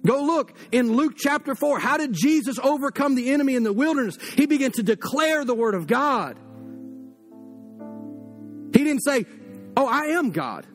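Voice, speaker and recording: A man's voice: extremely high pitch, animated, moderate pace, soft background music. A man preaching a sermon as pastor, fiery and direct, talking to the congregation as if across a table.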